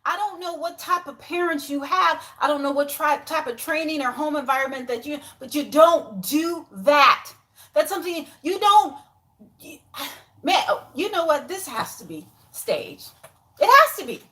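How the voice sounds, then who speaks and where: A woman's voice: high voice, moderate pace, a bit bright. A woman talking to camera in a casual vlog, full of exasperated, incredulous rhetorical questions. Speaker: YouTuber.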